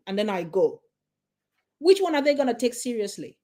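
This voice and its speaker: A woman in her forties, working as a parenting coach, gives parents a motivational talk, emphatically repeating points, asking the listener questions, and checking in with "okay?". Her fairly high voice has big pitch swings and a darkish tone at a normal speed.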